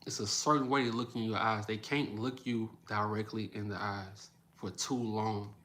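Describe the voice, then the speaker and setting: Man, livestream host, blunt and repetitive, bright tense voice. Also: lowish voice, normal speed. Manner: blunt, animated, repeats phrases for emphasis. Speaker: livestream host reading chat. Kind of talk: casual livestream commentary.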